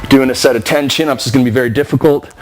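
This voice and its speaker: A man trainer explaining a workout circuit in casual talk, out of breath and slowing down as he demonstrates moves. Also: mid-range voice, steady tone, music in the background, poor audio. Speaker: fitness trainer.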